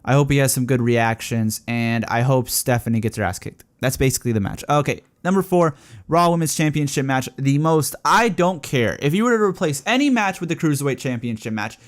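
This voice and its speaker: A young man giving casual, opinionated solo commentary, profane and ranting, growing excited as he talks. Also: mid-range voice, a little fast. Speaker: wrestling podcaster.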